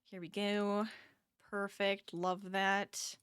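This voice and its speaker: Bright-voiced woman chatting on a crochet stream. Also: medium pitch, level tone, very slow, smooth, dry recording, clean studio sound. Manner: chatty, laughs often, reads chat aloud. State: tired. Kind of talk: casual live-stream chat. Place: home office.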